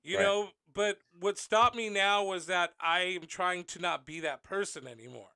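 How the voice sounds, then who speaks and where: A man's voice: high-pitched, moderate pace, vocal fry, sharp tone, smooth, dry recording. A man hosting a podcast, telling personal stories candidly and swearing freely as he acts out what people said. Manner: candid storytelling, swearing freely, acting out quotes. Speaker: podcast host. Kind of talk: casual podcast conversation.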